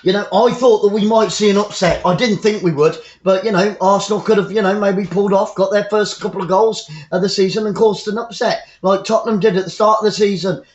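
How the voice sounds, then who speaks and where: A man giving blunt, excitable live football fan commentary, often repeating himself. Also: high-pitched, brisk, few pauses, reverberant, muffled recording.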